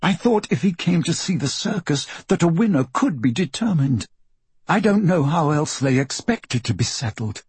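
Grieving young woman magician, voiced by a male narrator: lifted, breathy, trembling audiobook read in a dry booth. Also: a little high, big pitch swings, normal speed, darkish tone, dry recording, pitched above the performer's own voice, exaggerated voice. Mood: distraught. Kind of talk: audiobook character voice.

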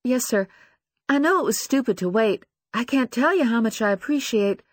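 A man's voice: very high-pitched, lively intonation, moderate pace, no room sound, clean studio sound, pitched above the performer's own voice. A man voicing a nervous young woman pilot. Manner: nervous, sheepish. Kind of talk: audiobook character voice.

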